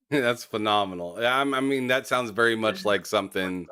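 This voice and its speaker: A man's voice: fairly low pitch, normal speed, bright, forceful tone, smooth. A man hosting a casual gaming interview, laughing often and restarting his sentences. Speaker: podcast host.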